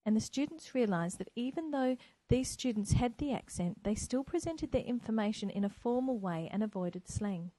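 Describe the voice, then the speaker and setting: A woman's voice: on the high side, expressive, moderate pace, hardly any pauses, dark tone, no echo, rough recording. A woman teacher from New Zealand hosting her own podcast, speaking earnestly and with enthusiasm. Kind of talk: solo educational podcast. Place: home, by a window. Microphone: microphone.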